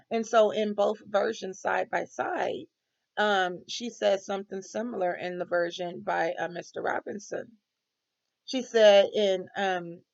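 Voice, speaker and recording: Woman student doing a recorded reflection, lots of ums, gravelly, muffled lo-fi audio. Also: medium pitch, fairly even intonation, measured pace. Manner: hesitant, many ums.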